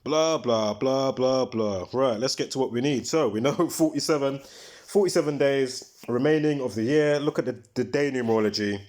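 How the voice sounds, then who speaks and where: A livestream host gives casual, rambling commentary in a middle-pitched, darkish voice, speaking fairly quickly. He stresses his words emphatically and often pauses mid-thought to search his memory for a detail.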